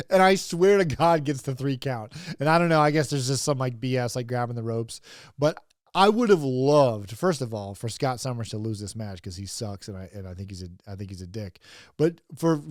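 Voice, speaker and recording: A man's voice: mid-range voice, a little mellow, dry recording, clean studio sound. Rambling, chuckling man reviewing wrestling. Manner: rambling, chuckling, swears freely. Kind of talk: casual comedic commentary.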